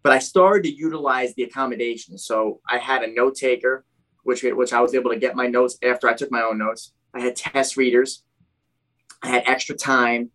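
A young adult man telling his own story in a casual, animated way, full of "like" and "dude". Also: medium pitch, moderate pace, low-quality recording. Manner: animated, heavy use of "like" and "dude".

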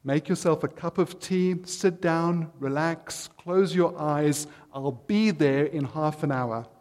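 A man voicing a kind older mother calmly reassuring her daughter in a joke. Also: fairly high pitch, takes it slowly. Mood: soothing. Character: kindly older mother, soothing and capable.

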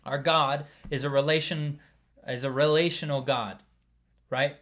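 A man's voice: on the high side, steady tone, measured pace. A man preaching a casual sermon, talking conversationally and checking in with the listeners by asking "right?" again and again. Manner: conversational, keeps asking "right?", drops quieter for asides.

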